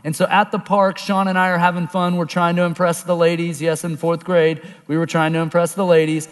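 High-voiced man telling a story in a hall. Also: fairly quick, clean tone. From Oklahoma. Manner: animated storyteller, acts out voices, drops low and quiet for serious points. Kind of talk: storytelling sermon. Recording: long reverb of a large hall.

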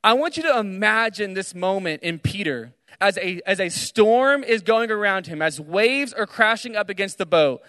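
A young man preaching casually to students from a stage, retelling a story with animated asides. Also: sits high, moderate pace, few pauses, no room sound, in a large hall. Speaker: speaker at a student gathering. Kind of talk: energetic sermon. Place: large hall on a stage.

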